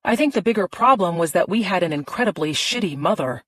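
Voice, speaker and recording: A woman voicing a grieving, guarded woman lawyer who speaks quietly and with restraint in an audiobook. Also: on the low side, expressive, fast, no echo, clean studio sound. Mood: restrained.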